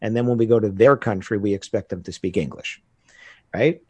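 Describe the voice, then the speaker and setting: American guy chatting in an interview, kinda low voice, dry room. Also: a little fast, slightly rough, dry recording. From United States. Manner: animated storytelling with laughs. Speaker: guest. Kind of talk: casual conversation.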